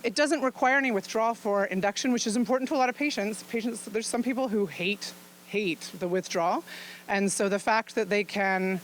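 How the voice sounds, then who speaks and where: Presenting at a luncheon, a woman physician speaks to the audience in a frank, chatty way, laughing frequently as she explains. Her pitch is medium, and the rough recording has some slight hiss or hum.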